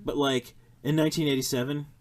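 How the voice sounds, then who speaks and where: A young man hosting a podcast, chatting casually about a film in a blunt, profane, animated way. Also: medium pitch, quick pace, a crowd in the background. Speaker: podcast host.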